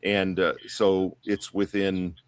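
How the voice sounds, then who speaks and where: A man's voice: low voice, flat delivery, slow pace, smooth. A man telling a long story on a podcast panel in a casual, rambling way, full of fillers and restarts. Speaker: guest.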